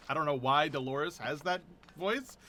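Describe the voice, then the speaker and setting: Chatty, bright-voiced male game streamer. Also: a little high, moderate pace, faint music behind. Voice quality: chatty, self-amused, rambling. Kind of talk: casual gameplay commentary.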